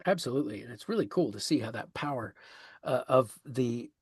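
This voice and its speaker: A man's voice: mid-range voice, animated, brisk, husky, dry recording, clean studio sound. A man hosting a podcast, talking about a poem in an enthusiastic, conversational way with frequent fillers. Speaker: podcast host. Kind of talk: literary discussion.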